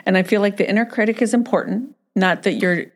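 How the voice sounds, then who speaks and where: A woman's voice: medium pitch, fast. A woman hosting a podcast who affirms her guest and speaks directly to listeners. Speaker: podcast host. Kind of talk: podcast conversation.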